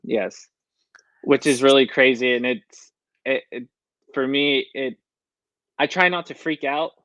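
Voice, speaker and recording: This young guest, a country recording artist, chats casually in an interview, storytelling and quoting himself often with "I was like." He speaks a little slowly in a mid-range, slightly bright voice, and the audio is dull with no echo.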